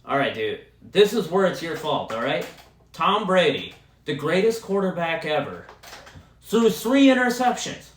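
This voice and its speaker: A man's voice: fairly high pitch, big pitch swings, unhurried. A man from Wisconsin hosting a solo podcast, ranting about football with heavy profanity. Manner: profane, heated sports ranting. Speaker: podcast host. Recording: roomy echo.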